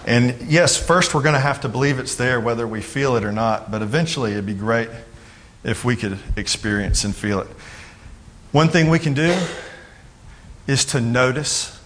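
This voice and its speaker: A man giving a sermon as pastor, talking in a loose, conversational way with jokes and quick acted-out voices of other people. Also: mid-range voice, fairly bright tone, a little hiss or hum.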